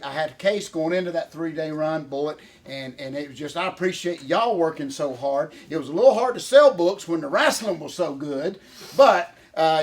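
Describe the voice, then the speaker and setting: A man with a Southern US accent co-hosting a casual chat, folksy and a little out of breath. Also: a little high. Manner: folksy, calls partner "boy" and "Bullet" constantly. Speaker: co-host.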